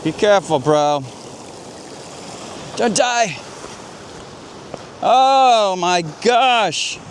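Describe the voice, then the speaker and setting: A man's voice: high-pitched, expressive, extremely slow, a little hiss or hum. A photographer vlogging outdoors on a rocky coast, a man talking to himself in an exclamatory, self-deprecating way. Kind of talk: casual vlog talk on location.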